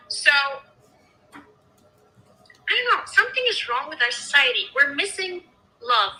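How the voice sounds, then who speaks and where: Woman, high-pitched, very bright, animated storyteller, casual chat. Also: rough recording. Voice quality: expressive, animated storyteller who acts out quotes. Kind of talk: casual conversation, personal storytelling.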